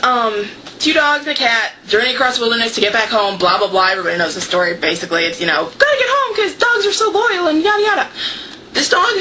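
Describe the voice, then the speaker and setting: A woman's voice: on the high side, pushed and bright, slight background noise, low-quality recording. A young woman chatting casually to her camera about books, talking loosely with lots of "like" fillers. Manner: chatty, heavy use of "like" fillers. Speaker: book vlogger. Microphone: camera microphone.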